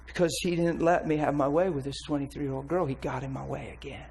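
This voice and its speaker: Guy preaching his testimony, blunt and lively, kinda high voice, faint hiss behind. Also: fast talker, vocal fry, poor audio. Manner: candid, blunt, animated storytelling. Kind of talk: sermon testimony.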